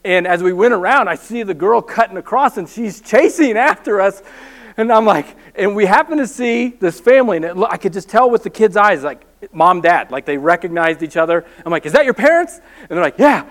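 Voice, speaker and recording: Brief: male pastor, higher-pitched voice, lively storytelling sermon with self-deprecating humor. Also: a little fast.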